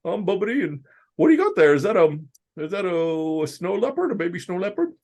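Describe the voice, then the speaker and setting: A man's voice: high voice, sing-song, a little fast, a little mellow, voice pushed up, heavily acted. A man voicing a chirpy, buck-toothed male puppet from a children's show. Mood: cheery.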